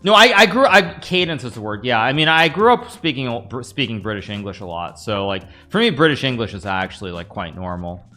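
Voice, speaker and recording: A man's voice: medium pitch, very animated, brisk, hardly any pauses, bright, forceful tone, faint music behind. A man in his thirties from the United States, live-streaming chess with rambling chatty commentary to his viewers. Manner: chatty, rambling, talks to chat while playing.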